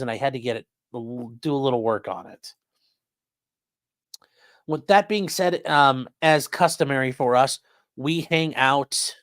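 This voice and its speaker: A man's voice: mid-range voice, dry recording, studio quality. A man hosting a livestream, chatting casually and reading out viewer comments with loose, repetitive phrasing. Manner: loose and conversational, many fillers, repeats phrases. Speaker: host of a legal commentary livestream.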